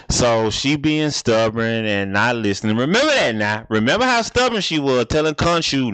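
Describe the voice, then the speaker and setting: A man chats loosely through a reaction video, rambling and circling back to the same phrases. His voice sits in an ordinary middle pitch. The recording is dry, with no room echo. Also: expressive, normal speed, hardly any pauses, fairly bright tone, smooth. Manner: rambling, repetitive, laid-back. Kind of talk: casual reaction commentary.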